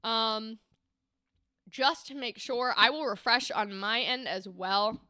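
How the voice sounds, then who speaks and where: Stream host: woman, chatty coach, bright, crisp voice, dry close sound. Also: on the high side, slow, no room sound. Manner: chatty, enthusiastic, demonstrates lines. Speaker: livestream host and voice acting coach. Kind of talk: casual livestream chat and acting feedback.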